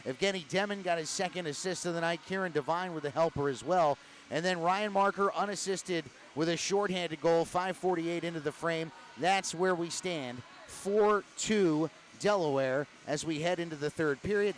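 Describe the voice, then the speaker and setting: A man announcing a hockey game from an arena booth, recapping the action in a measured, explanatory way. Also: on the high side, slight background noise, low-quality recording. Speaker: play-by-play announcer. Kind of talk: hockey broadcast commentary.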